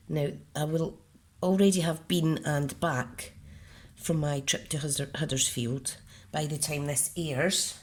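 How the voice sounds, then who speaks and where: Slow, low-voiced Scottish woman crafting. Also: steady tone. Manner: chatty, talks herself through each step. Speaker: card-making demonstrator. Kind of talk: casual crafting tutorial.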